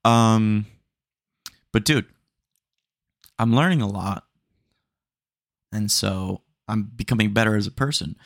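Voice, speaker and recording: A young man talks on his own podcast in a loose, rambling, stream-of-consciousness way, dropping "dude" into his stories. His voice sits low and has a gravelly fry to it. The sound is dry and close, with no room around it. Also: slow pace, pauses often, dry recording. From Texas. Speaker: podcast host. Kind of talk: casual solo podcast monologue.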